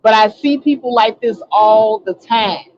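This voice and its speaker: A woman's voice: on the high side, unhurried, lo-fi sound, slight background noise. A woman telling a story in a casual, indignant, ranting monologue, acting out what people said. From Chicago. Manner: indignant, ranting storyteller who acts out quotes. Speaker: online talk show host.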